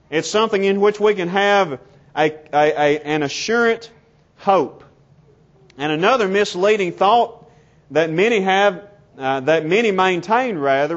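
A man preaching in a high voice, pressing each point with deliberate emphasis. His words come one by one, in numbered steps. The recording sounds dull and lo-fi. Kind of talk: sermon.

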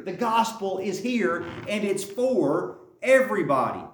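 A man leads a Bible lesson, reading verses and then going back over the main point again and again. His voice sits a little high. The room around him is echoey. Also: very animated, measured pace, a little hiss or hum. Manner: reads scripture aloud then explains it, repeats key points. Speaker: Bible teacher. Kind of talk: Bible study teaching.

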